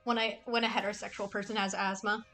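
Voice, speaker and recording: A woman's voice: mid-range voice, little pitch movement, fast, a bit bright, soft background music. A young woman streaming casually, rambling and cooing affectionately at cats in a game. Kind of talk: casual livestream chat.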